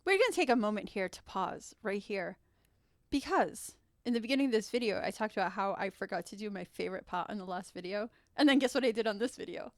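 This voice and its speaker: A woman hosting her own channel, retelling stories in a chatty, animated way full of rambling asides and self-corrections. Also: medium pitch, quick pace, no room sound, studio quality. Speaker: channel host. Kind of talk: chatty storytelling vlog.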